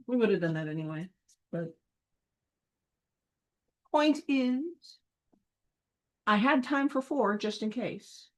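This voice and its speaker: A woman talking herself through sorting teams for a film event at an unhurried pace. Her thoughts come out as muttered, half-finished counts and quiet asides. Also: mid-range voice, poor audio. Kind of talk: thinking aloud while working.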